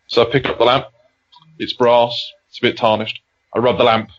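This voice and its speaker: Man, podcast co-host, casual chat, self-deprecating storyteller, middle pitch, lo-fi sound. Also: lively intonation, fairly quick. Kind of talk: casual chat, rambling joke-telling.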